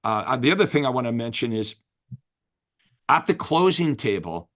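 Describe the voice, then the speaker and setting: An enthusiastic man coaching real estate agents in a casual interview chat. His voice sits at an ordinary middle pitch, and he talks with emphatic, motivating energy. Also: very animated, normal speed, a bit bright.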